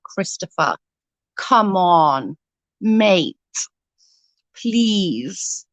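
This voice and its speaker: A middle-aged woman chats casually to her viewers, telling funny family stories. She laughs easily and swears freely. Her voice sits at an ordinary pitch, and the recording is dry with little room sound. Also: bright, forceful tone, no echo, highs cut off. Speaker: livestream host. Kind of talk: casual storytelling chat.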